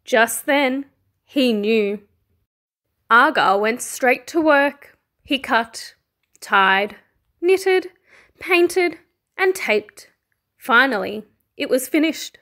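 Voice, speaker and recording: A woman who teaches primary school, reading a picture book aloud in a slow, expressive storytelling way. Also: fairly high pitch.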